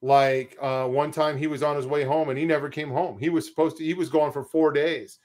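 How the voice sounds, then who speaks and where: A man's voice: on the high side, steady tone, fairly quick, darkish tone. A man co-hosting a casual reaction podcast, rambling with lots of fillers as he talks. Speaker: podcast co-host.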